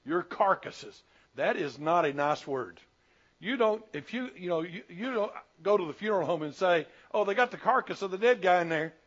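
Folksy preacher, high voice, lo-fi. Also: male voice, lively intonation, a little fast. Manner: folksy, plain-spoken preaching with colloquial asides. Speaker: pastor. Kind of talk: sermon. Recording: dull lo-fi sermon recording.

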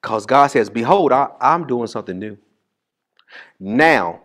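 A pastor preaches with a swooping, animated voice at a middle pitch. He talks to his congregation in a loose, conversational way, calls out questions, and stretches out scripture slowly. He jumps between sudden loud bursts and near-whispered asides. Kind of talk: sermon.

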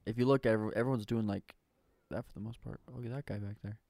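A young man co-hosting a podcast, giving quick, excited commentary on a video. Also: on the low side, gravelly, no echo, clean studio sound. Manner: quick excited commentary, says bro and dude. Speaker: podcast co-host. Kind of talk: casual group chat reacting to a video.

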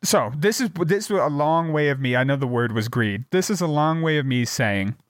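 A man's voice: on the high side, normal speed, no echo, studio quality. A man in casual chat, telling a long story with plenty of swearing and acted-out quotes. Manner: animated storyteller, swears a lot, acts out quotes.

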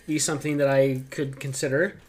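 A man playing in a tabletop game, soft-spoken and tentative. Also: medium pitch, level tone, a little fast. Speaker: player. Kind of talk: casual tabletop play.

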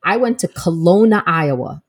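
A low-voiced woman with a thick Brooklyn accent chats casually. She tells stories in an animated way and keeps cutting in with "listen.". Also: moderate pace, slightly rough. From Brooklyn, New York. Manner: animated storyteller, repeats "listen". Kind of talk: casual chat. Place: room with brick wall behind.

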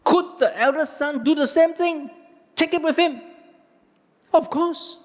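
Guy preaching, asks then answers his own questions, highish voice, echoey church hall. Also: measured pace. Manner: animated, asks the audience questions and answers them. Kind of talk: sermon.

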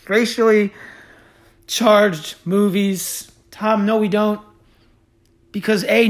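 Male podcast host; angry, sarcastic rant peppered with swearing. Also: sits high. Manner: heated, profane, sarcastic. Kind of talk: ranting podcast monologue.

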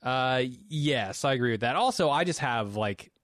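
A man's voice: mid-range voice, lively intonation, normal speed, a bit bright, no room sound, studio quality. A man co-hosting a podcast, giving blunt, opinionated movie takes in casual chat and laughing often. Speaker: podcast co-host.

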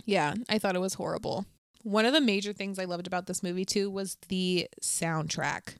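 A woman's voice: on the low side, normal speed, clear, resonant tone, no room sound, studio quality. A young adult woman co-hosting a podcast, chatting casually and playfully. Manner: chatty, playful, breaks into humming and singing. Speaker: podcast co-host. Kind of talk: casual chat.

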